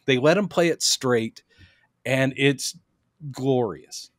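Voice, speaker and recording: A man co-hosting a podcast in casual chat, animated and quick to act out quotes in put-on voices. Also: medium pitch, no room sound, studio quality. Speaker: podcast co-host.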